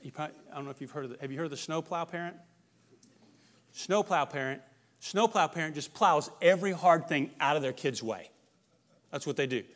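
A middle-aged man speaking to parents in a plain, emphatic preaching style. His voice sits a little high and sounds bright and forceful. He often restarts and repeats words as he builds to a point. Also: a little fast.

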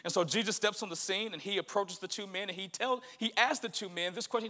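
A male pastor preaching a sermon, animated and swinging from hushed to loud. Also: high-pitched, quick pace.

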